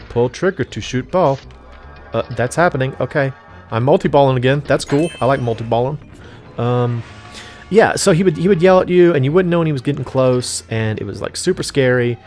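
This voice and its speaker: A man talks casually over a video game, wandering off topic, forgetting what he was saying and filling gaps with ums and likes. His voice sits at an ordinary middle pitch. Soft game music plays faintly behind him. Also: expressive, normal speed, pauses often. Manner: rambling, forgetful, many fillers. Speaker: let's play host. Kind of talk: casual gameplay commentary.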